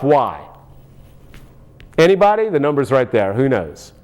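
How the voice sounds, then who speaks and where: A man's voice: mid-range voice, very animated, moderate pace, pauses often, a little mellow. A man hosting a talk show, ranting with sarcasm and firing off rhetorical questions. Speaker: podcast host. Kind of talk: ranting commentary.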